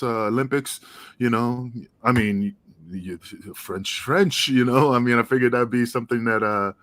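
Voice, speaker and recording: A man's voice: medium pitch, a bit bright, no echo. A man from the United States co-hosting a wrestling podcast, rambling and swearing casually in easygoing chat.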